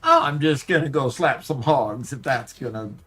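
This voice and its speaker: A man's voice: medium pitch, normal speed, sharp tone, soft background music, close to an everyday voice. A man putting on a folksy Southern drawl as a comic voice during a live game stream. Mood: exasperated. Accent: American Southern.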